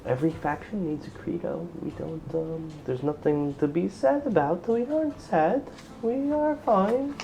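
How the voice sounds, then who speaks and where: A man voicing a young female human knight who speaks haltingly with a speech impediment, in a tabletop role-play game. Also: fairly high pitch, gravelly, dark tone, a little hiss or hum, pitched above the performer's own voice, poor audio. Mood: insistent.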